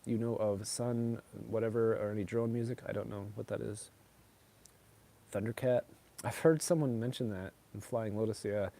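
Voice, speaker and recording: A man's voice: fairly low pitch, fairly even intonation, normal speed, dark tone. A middle-aged man chatting casually with viewers, rambling and filling his talk with "like" and "you know.". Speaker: streamer answering chat. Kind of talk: casual chat.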